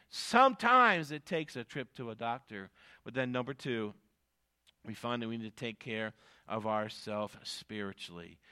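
Male preacher with a clear, high, bright voice, dynamic delivery from hushed to emphatic. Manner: dynamic, swings from quiet asides to emphatic raised delivery; reads scripture in archaic phrasing, repeats key lines. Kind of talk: sermon with scripture reading.

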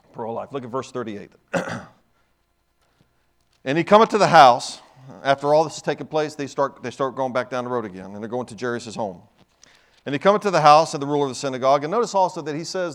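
A middle-aged man preaching a sermon, swinging from quiet asides to loud bursts, with frequent restarts. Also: medium pitch, animated, fast talker. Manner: dynamic, swings from soft to loud, many restarts.

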